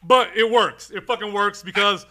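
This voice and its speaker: Guy hosting a podcast, high bright voice, cusses a lot, rattles through his stories. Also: moderate pace. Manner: profane, excitable storyteller. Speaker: podcast host. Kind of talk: casual podcast chat.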